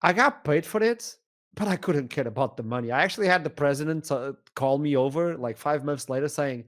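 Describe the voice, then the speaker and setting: A man with a Portuguese accent, an esports shoutcaster telling a story as a podcast guest, animated and acting out the dialogue. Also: on the high side, fairly quick. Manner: animated, acts out dialogue, laughs often.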